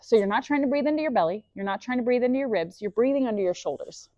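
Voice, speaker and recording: A woman's voice: fairly high pitch, animated, racing, mellow, dry recording, lo-fi sound. A woman leading a guided breathing lesson, enthusiastic and encouraging, mixing body facts with faith, speaking into a clip-on mic. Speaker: breathwork instructor. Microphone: clip-on microphone.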